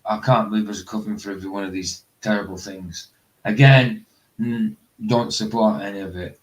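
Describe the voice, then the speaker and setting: A man's voice: fairly low pitch, steady tone, moderate pace, poor audio. A man hosting a livestream, chatting casually to viewers in rambling asides. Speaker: livestream host. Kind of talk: casual live stream commentary.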